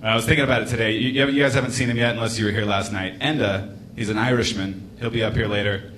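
A man's voice: lowish voice, steady tone, fast talker, a bit bright, slight background noise. A man in his late twenties doing a rambling, laid-back stand-up set in a comedy club, with casual swearing. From United States. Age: late 20s.

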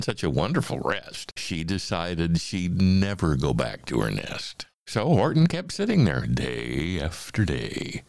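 A man hosting a talk who reads a children's book aloud in a measured, expressive way. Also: deep voice, gravelly, no room sound. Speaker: host and reader. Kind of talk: reading a picture book aloud.

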